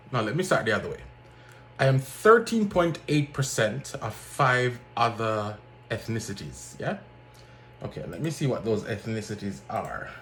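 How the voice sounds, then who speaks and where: Low-voiced man telling a story. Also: a little hiss or hum. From Jamaica. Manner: animated, acts out other people's lines in a raised voice. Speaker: vlogger. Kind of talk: casual storytelling monologue.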